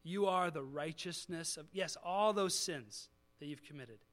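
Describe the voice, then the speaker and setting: A man's voice: on the high side, unhurried, a bit bright. A male pastor preaching a conversational sermon, building to emphatic peaks before communion.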